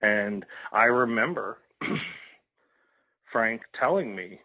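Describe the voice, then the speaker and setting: Husky-voiced man on a tinny line. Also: fairly low pitch, lively intonation, slow pace. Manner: emotional, repetitive, swears freely. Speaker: podcast guest. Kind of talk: candid personal storytelling.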